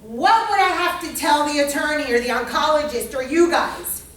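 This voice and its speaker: High-voiced woman teaching, swearing freely. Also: lively intonation, moderate pace. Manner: emphatic and profane, swinging from hushed to shouting. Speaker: astrology teacher. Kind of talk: informal lecture to a small class. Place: indoor room with a group. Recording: very echoey room, mic far off, faint hiss.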